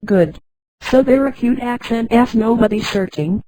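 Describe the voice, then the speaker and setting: A woman reading the part of a calm man hiding from the authorities, his lines a touch lower and mellow. The delivery is dry and close, in the even manner of a storybook reading. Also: a little slow, no room sound, rough recording.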